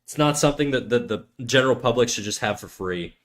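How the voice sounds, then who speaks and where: This Canadian man talks fast in a mid-range, expressive voice. He's live-streaming as he draws, tossing out foul-mouthed, joking small talk.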